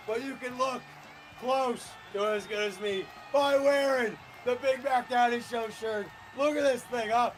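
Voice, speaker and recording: Man doing a brash showman, very high voice, shouty bragging merch promo. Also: poor audio. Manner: loud hype-promo bragging, trash talk. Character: brash boastful male showman hawking merch. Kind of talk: wrestling-style merch promo.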